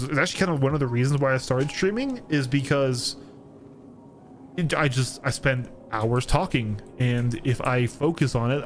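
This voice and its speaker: A man's voice: medium pitch, slight background noise. An American man streaming a game, chatting casually in a throaty, thick, slightly slurred voice with lots of restarts and self-deprecating asides. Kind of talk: casual chat while gaming. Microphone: studio microphone.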